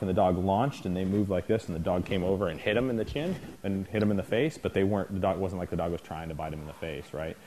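A man with a very low voice giving an informal lecture to dog trainers at a training clinic. He keeps it conversational, checking in with the class and acting out what he describes, over a faint hiss of noise. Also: warm tone. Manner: conversational, often checking in with the class, acts out scenes.

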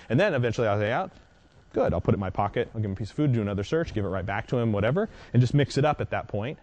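A man's voice: mid-range voice, lively intonation, fast talker, a little mellow. A man dog trainer explaining a technique in a casual, conversational teaching style, often checking in with the listener.

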